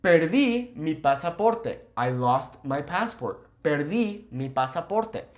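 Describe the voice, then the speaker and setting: Lively young man teaching phrases. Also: fairly high pitch, takes it slowly. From California. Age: 20s. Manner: lively explaining, switches between English and Spanish. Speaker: Spanish teacher. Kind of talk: language lesson.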